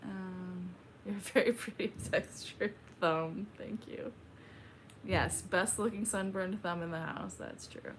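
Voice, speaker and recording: A young woman hosting a casual livestream, reading chat aloud and chatting back in a slow, laid-back drawl. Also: medium pitch, a little hiss or hum.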